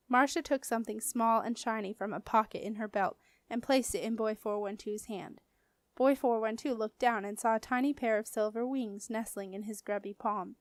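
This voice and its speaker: A woman narrating a children's fantasy audiobook in a steady, clear storytelling voice. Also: mid-range voice, no room sound. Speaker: audiobook reader.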